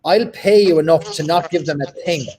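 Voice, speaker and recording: A fairly high-voiced man hosts a relaxed video-call chat. He ribs his guests with deadpan, playful banter. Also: normal speed. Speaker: host.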